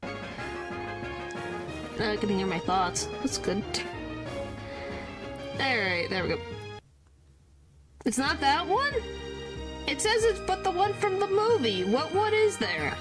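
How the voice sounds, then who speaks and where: A woman's voice: sits high, sing-song, slow pace, long pauses, music in the background. A woman streamer in casual live-stream chat, talking to her viewers and playfully complaining.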